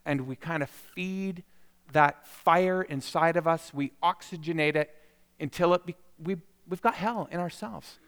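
A man preaching a sermon, moving from quiet reflection to impassioned emphasis. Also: on the high side, unhurried, clear, resonant tone. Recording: long hall reverb.

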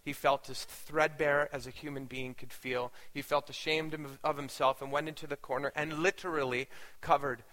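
A man's voice: a little high, steady tone, moderate pace, pushed and bright, big-room sound. A man, a pastor, telling a story in a sermon in an earnest, dramatic way.

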